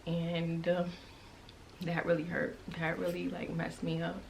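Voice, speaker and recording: Young woman vlogger, lowish voice, emotional and halting, casual storytime to her viewers. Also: completely flat delivery, slight background noise, low-quality recording. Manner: emotional, halting, with many restarts and fillers; conversational and direct to viewers.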